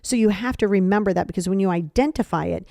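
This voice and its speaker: A woman talks through her podcast in a casual, animated way. She is openly sarcastic and slips into quick impressions of other people. Her voice sits at an ordinary middle pitch, and the recording is dry and close. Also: creaky, no room sound. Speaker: podcast host. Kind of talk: casual advice talk.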